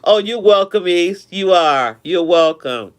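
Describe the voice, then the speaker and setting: A man with a fairly high, smooth and clear voice hosts a relaxed live stream. He chats warmly with his viewers and tends to repeat himself as he goes. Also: measured pace. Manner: chatty, affectionate, repeats himself.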